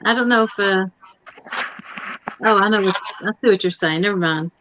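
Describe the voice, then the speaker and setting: A woman's voice: medium pitch, normal speed, noisy background. A woman host chatting in an easygoing, chatty way. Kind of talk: casual chat. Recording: slightly dull sound.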